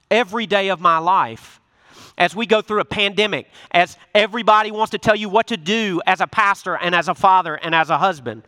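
A male pastor giving a lively, conversational sermon, acting out little asides as he goes. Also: sits high, in a large hall. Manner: animated, conversational preaching with acted-out asides.

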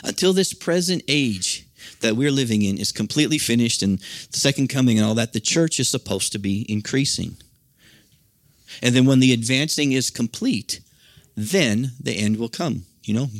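A man's voice: mid-range voice, animated, normal speed, dry recording. An American man preaching a sermon in an earnest, conversational way, full of "you know" and restarts. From United States. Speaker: pastor.

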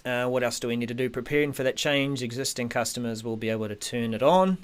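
A man hosting a podcast in casual tech chat, hesitant with many ums, often trailing off softly. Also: mid-range voice, fast, clear, resonant tone. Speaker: podcast host.

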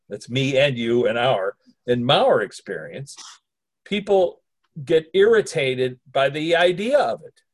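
A man's voice: on the high side, dry recording. A man co-hosting a podcast in casual chat, playful and joking, often laughing. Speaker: podcast co-host.

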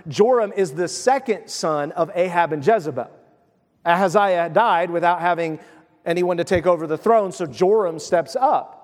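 A pastor with a fairly high voice delivers a sermon, retelling the scripture casually and slipping into voiced asides. His voice rings out with a long reverb, as if in a church sanctuary. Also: moderate pace.

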